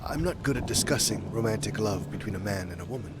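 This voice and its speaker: A man plays a kindly, awkward parish priest in a story game. He speaks gently and haltingly, in a lower voice. Loud music runs under his lines. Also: animated, lightly acted. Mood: gentle. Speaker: game character. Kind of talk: video game dialogue.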